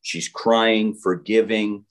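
A man, a pastor, telling a healing testimony as an interview guest, animated and full of fillers and restarts. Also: lowish voice, slow pace. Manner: animated storyteller, acts out quotes, frequent fillers and restarts.

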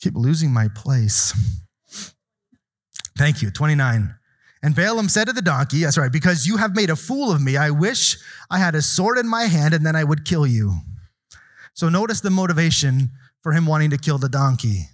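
Preaching a sermon, a man reads Bible verses aloud and explains them, adding asides and putting questions to the congregation. His voice is fairly high and expressive, at a normal speed.

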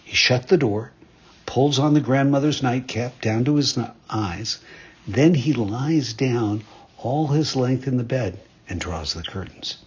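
A male storyteller reads a fairytale in a husky, breathy voice of middle pitch. His telling is measured and expressive. The recording has a dull, muffled lo-fi sound. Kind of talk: fairytale narration.

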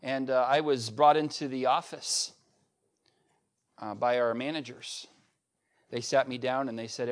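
A middle-aged male pastor preaching a sermon, swinging between raised emphasis and quiet, conversational asides. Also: mid-range voice, steady tone, a little slow, long pauses. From United States.

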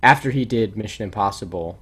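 Dude co-hosting a podcast, rambly and animated, trips over his words a lot. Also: on the low side, fairly quick, breathy edge. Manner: rambling, animated, lots of restarts. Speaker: podcast co-host. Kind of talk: casual chat.

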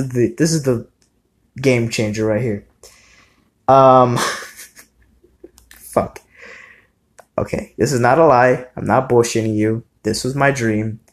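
Young man, vlogger, casual storytime, rambling, profane, filler-heavy, mid-pitched voice.

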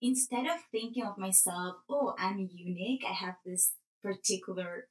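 A young woman who grew up in Peru, telling a story in a casual interview with lots of restarts and animated asides. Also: medium pitch, moderate pace. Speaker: guest. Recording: roomy echo, distant from mic.

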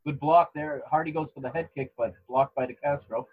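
A man co-hosting a podcast, giving relaxed play-by-play of a fight with restarts and chuckles. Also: a little high, a little fast, husky, phone-quality sound. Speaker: podcast co-host commentating a fight. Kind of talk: casual live fight commentary. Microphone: home microphone.

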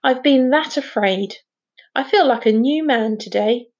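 Lady doing a worried protective dad, earnest, kinda high, dull recording. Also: unhurried, a little mellow. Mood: relieved. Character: anxious, protective middle-aged father.

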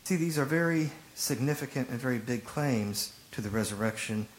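A man preaching a sermon as a pastor, retelling stories with lively emphasis and acted-out quotes. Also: medium pitch, moderate pace, a little hiss or hum, rough recording. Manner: animated storytelling, acting out rhetorical quotes.

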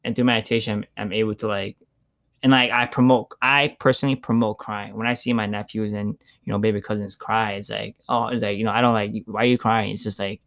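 A man's voice: lowish voice, fairly even intonation, quick pace, fairly bright tone. A man talking casually and reflectively, loose with filler words and the odd swear. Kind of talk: casual chat.

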